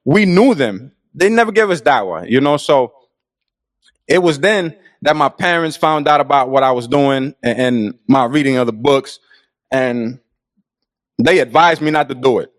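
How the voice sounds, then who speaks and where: A man's voice: medium pitch, animated, moderate pace, no room sound, studio quality. A middle-aged man telling his own life story in an earnest, reflective and casual way. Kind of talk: personal storytelling.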